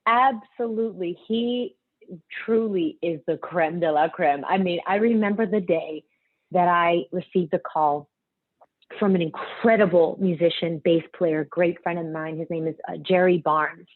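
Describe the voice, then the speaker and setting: A young woman singer telling stories in a casual interview, animated and quick to act out what others said. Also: fairly low pitch, no echo. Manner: animated, acts out quotes, laughs often. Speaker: singer and guest. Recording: tinny phone-line sound.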